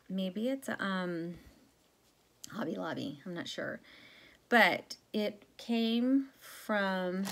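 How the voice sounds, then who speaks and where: A woman vlogger chatting casually to viewers about her cross-stitch threads, rambling with many fillers and self-corrections. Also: mid-range voice.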